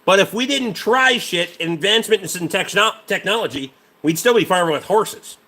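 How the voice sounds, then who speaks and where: A man's voice: high voice, animated, normal speed, sharp tone. A man hosting a casual livestream, a mechanic rambling about truck parts and swearing freely while answering chat.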